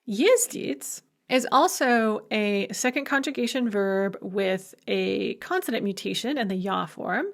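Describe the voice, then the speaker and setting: A woman giving a recorded language lecture over slides, explaining clearly and slowing down to model pronunciation. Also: medium pitch.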